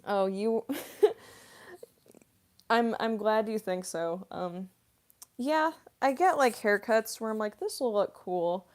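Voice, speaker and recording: A woman in her mid-twenties chatting casually on a livestream, soft-spoken and rambling, with lots of fillers and little giggles. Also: medium pitch, slow pace, long pauses. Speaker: voice actress streamer. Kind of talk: casual livestream chat reading comments.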